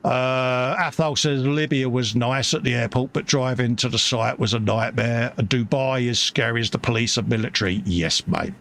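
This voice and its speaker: A man's voice: mid-range voice, fairly even intonation, normal speed, gravelly, few pauses, a bit bright. A man with a Cockney accent hosting a casual live model-building stream, chatty and matey, reading out viewer comments. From England. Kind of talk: casual chat. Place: home hobby workbench.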